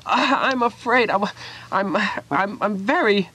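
A squeaky, timid little piglet. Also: male voice, expressive, a little slow, sharp tone, exaggerated voice. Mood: flustered. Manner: stammering, flustered. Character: small timid male piglet, anxious and stammering. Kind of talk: 1970s radio comedy story reading.

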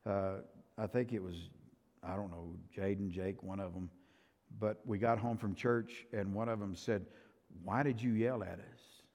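A man's voice: lowish voice, fairly even intonation, moderate pace. Older man preaching in a reverberant hall. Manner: emphatic, swings from loud to soft. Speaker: pastor. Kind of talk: sermon. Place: church sanctuary.

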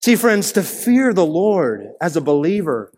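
A man's voice: sits high, sing-song, a little slow, darkish tone. Man preaching in a reverberant hall. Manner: earnest preaching with rising emphatic peaks. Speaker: pastor. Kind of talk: sermon. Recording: long reverb of a large hall.

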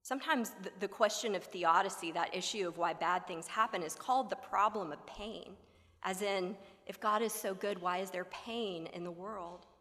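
A woman preaching a sermon in an expressive, rhetorical manner, sometimes dropping to a near whisper for emphasis. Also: mid-range voice, moderate pace. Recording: long hall reverb.

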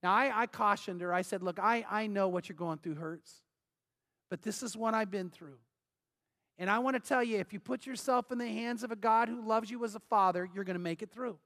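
High-voiced earnest male preacher. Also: brisk, a bit bright. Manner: earnest, emphatic preaching with repeated phrases. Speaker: pastor. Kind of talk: sermon.

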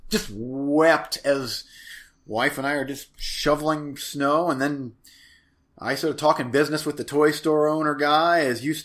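A man's voice: fairly high pitch, bright, forceful tone. A man co-hosting a podcast, rambling through a story in casual chat and laughing often. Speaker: podcast co-host.

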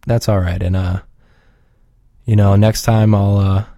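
A man with a lowish, warm, mellow voice, rambling loosely and cursing often as he chats on his own show. His delivery is relaxed and unpolished, recorded close and dry with no room sound. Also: a little slow, no echo. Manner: profane, rambling, laid-back. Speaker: podcast regular. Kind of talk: casual rambling chat.

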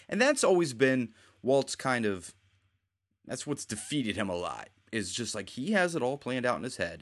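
A man's voice: medium pitch, sing-song, measured pace, fairly bright tone. A man co-hosting a casual chat, rambling as he retells scenes and quotes the characters. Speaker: podcast co-host.

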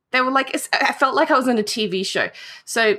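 A woman's voice: on the high side, moderate pace, bright, forceful tone. An Australian woman telling a funny travel story in casual chat, swearing freely and acting out the people she met.

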